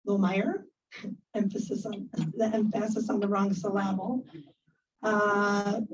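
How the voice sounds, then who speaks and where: A woman acting as club sergeant at arms, joking as she reads out names and announcements at a meeting. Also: on the high side. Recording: distant muffled room recording, faint noise.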